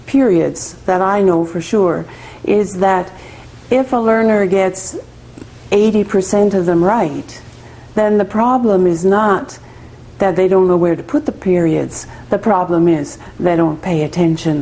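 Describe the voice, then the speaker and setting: A woman's voice: fairly low pitch, creaky, mellow, low-quality recording. A woman literacy tutor demonstrating a lesson in a patient, encouraging way, acting out exchanges with a learner. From Canada. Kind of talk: instructional demonstration.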